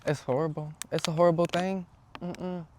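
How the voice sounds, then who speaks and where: A young man chatting casually outdoors as he repots plants, excitable and quick to exclaim at things around him. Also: fairly high pitch, noisy background. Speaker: vlogger. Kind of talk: casual chat while gardening. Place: outdoors, yard.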